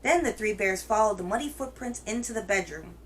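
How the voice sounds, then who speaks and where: A woman hosting a children's reading show, telling a picture book aloud in a gentle, expressive way. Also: mid-range voice, brisk, slight background noise, rough recording. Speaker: children's story reader, host.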